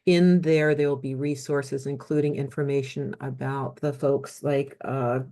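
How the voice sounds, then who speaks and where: A woman's voice: a bass voice, little pitch movement, a little slow, mellow. A woman hosting a foundation webinar on a video call, thanking guests graciously and rambling through announcements with many ums. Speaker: host and moderator.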